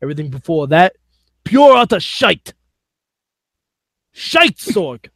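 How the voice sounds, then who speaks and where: A man's voice: fairly high pitch, big pitch swings, slow, a bit bright, dry recording, clean studio sound, heavily acted. A man voicing a joking mock British accent, heavy on slang, over a phone line.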